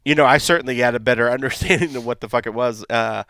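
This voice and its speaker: A man's voice: mid-range voice, fast talker, fairly bright tone, dry recording. A man co-hosting a podcast, joking loosely and swearing freely in casual chat. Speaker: podcast co-host.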